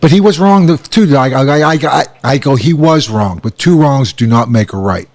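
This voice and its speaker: A man in his sixties telling stories in casual chat, acting out quotes with sudden jumps in pitch. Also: normal speed. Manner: animated, acts out quotes with sharp rises in pitch. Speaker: guest, former football coach.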